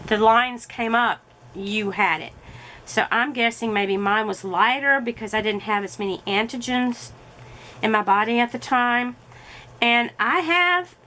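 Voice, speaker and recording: A middle-aged woman talks through her story in a relaxed, chatty vlog, her voice sitting a little high. She fills pauses with easy ums and uhs, and a faint background noise runs under the recording. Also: rough recording. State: recovering voice. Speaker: crafting vlogger. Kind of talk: casual chat while crafting.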